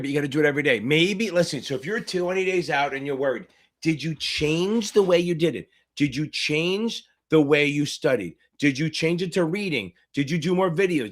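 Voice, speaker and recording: A man tutoring for a finance exam, hosting a livestream Q&A, loud and profane, hyping viewers up and answering chat questions. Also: on the high side. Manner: loud, profane, hyped-up coaching.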